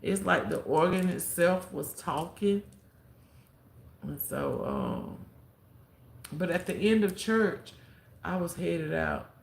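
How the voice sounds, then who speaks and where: A woman's voice: fairly low pitch, takes it slowly, creaky, pauses often. A woman telling a story on a live stream as a content creator, acting out what people said and giving heartfelt advice. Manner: animated storyteller who acts out quotes and gives heartfelt advice. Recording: roomy echo with faint background ambience.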